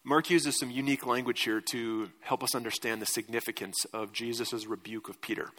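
A man's voice: mid-range voice, fairly even intonation, brisk, bright, forceful tone. A man preaching a sermon as pastor in a conversational way, asking his congregation questions. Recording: reverberant church hall.

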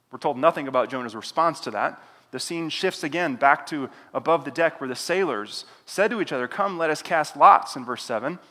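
Bright-voiced preacher in a reverberant hall. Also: male voice, a little high. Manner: animated retelling with voiced asides. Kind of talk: expository sermon.

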